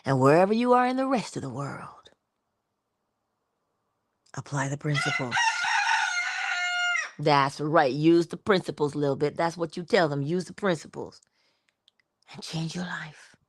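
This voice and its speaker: Woman hosting a morning inspiration livestream, low voice, dry close sound, musing and affectionate. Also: lively intonation, moderate pace, pauses often, dry recording. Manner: musing, affectionate, drifts between hushed asides and bursts of laughter. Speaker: livestream host. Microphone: livestream mic.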